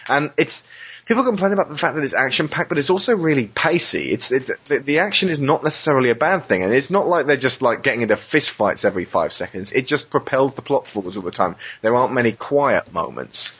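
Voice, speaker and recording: Male podcast host, husky, keen and sweary; dull lo-fi sound. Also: mid-range voice, very animated, fast talker, a bit bright. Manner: enthusiastic, swears freely, acts out quotes. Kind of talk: casual podcast chat.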